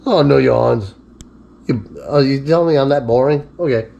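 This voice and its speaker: A man's voice: mid-range voice, unhurried, creaky, dark tone, dull audio. A man giving a casual cooking demonstration in his home kitchen, chatty and easygoing, and talking to his dog between steps. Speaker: cooking vlogger.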